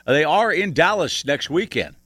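A man's voice: fairly high pitch, lively intonation, moderate pace, bright, forceful tone, no echo. A male radio host in morning banter, teasing and joking with his co-host and guest.

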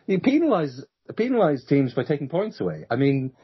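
A man in a casual sports chat, talking in an animated, rambling way and often cutting himself off. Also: on the high side, fairly quick, breathy edge. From Ireland. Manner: animated, rambling, self-interrupting. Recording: dull lo-fi recording.

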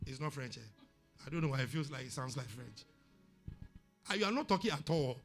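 A man's voice: mid-range voice, animated, brisk, soft background music. A man with a Ghanaian accent preaching a sermon, emphatic and repeating words for stress. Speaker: pastor.

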